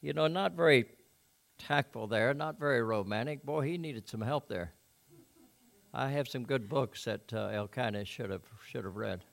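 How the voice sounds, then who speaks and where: A preacher delivering a sermon, reading scripture and making conversational, folksy asides to the congregation. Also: male voice, mid-range voice, normal speed, gravelly.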